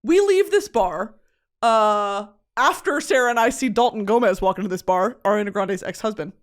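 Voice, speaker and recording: A woman from Texas with a Texan accent, hosting a podcast and telling a comedic story in an animated, profane way, laughing often. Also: a little high, normal speed. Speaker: podcast host.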